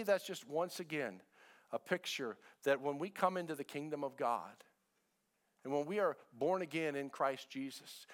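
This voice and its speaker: The voice of this middle-aged male pastor is a little high and fairly bright. Speaking conversationally in a church sanctuary, he repeats brief phrases and asks his congregation questions.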